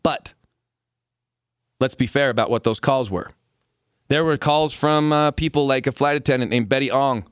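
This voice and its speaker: A man co-hosting a casual podcast, talking in an animated, incredulous way with many restarts. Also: mid-range voice, moderate pace, pauses often, smooth, dry recording, studio quality. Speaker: podcast co-host.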